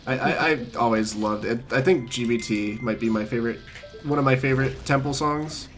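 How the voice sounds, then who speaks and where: A man streams a speedrun, keeping things laid-back and casual as he explains his tricks while playing. His voice sits at medium pitch, fairly quick, with a fairly bright tone. Faint game music plays in the background.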